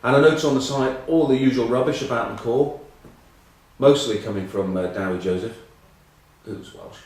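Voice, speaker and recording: A man's voice: medium pitch, moderate pace, darkish tone, very echoey, recorded from a distance, poor audio. A middle-aged English man telling rambling, self-mocking rugby stories in casual chat. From England. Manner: rambling, self-mocking anecdotes with many ums. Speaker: rugby pundit.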